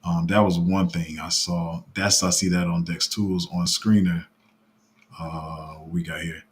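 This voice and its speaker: A man hosting a casual live stream about his paid crypto group, talking in a fairly flat, even tone and rambling with restarts. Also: low-pitched, unhurried. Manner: rambling, with many fillers and restarts.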